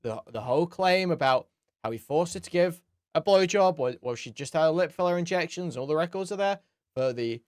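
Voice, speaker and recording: A sarcastic man hosting reaction commentary, swearing freely and hammering a point by saying it again and again. His voice sits a bit higher than most men's. It is recorded close and dry, with no room sound at all. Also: no room sound. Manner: sarcastic, profane, mocking repetition. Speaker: commentary host.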